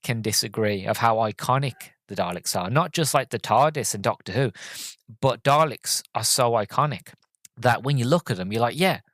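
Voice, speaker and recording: A man's voice: mid-range voice, moderate pace, fairly bright tone, dry recording. A young man hosting a podcast, chatting through a film review in an earnest, heartfelt, rambling way with many restarts. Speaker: podcast host.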